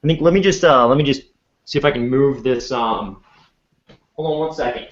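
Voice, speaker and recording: A man's voice: medium pitch, brisk. A man speaks over a laptop video call, and the audio comes through dull and lo-fi. He talks in a middle register, restarts sentences as he fumbles with his setup, and reacts with easy amazement. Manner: easily amazed, restarts a lot while fiddling with his setup. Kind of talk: casual video call chat.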